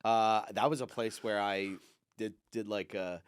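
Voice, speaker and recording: A man's voice: fairly even intonation, a little slow, smooth. Rambling man telling comedy-club stories. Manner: rambling anecdotes, acts out quoted people in a higher voice. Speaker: podcast co-host and comedian. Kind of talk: casual storytelling chat.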